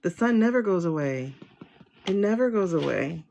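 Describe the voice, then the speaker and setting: A woman's voice: on the low side, animated, moderate pace, vocal fry, mellow, lo-fi sound, a little hiss or hum. A woman hosting a live tarot reading, talking to her viewers in an emotional, exclamatory way over a phone livestream.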